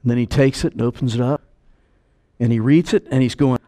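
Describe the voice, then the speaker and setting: An older man preaching a sermon as pastor, animated, acting out the voices of the people he quotes. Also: mid-range voice, fairly quick.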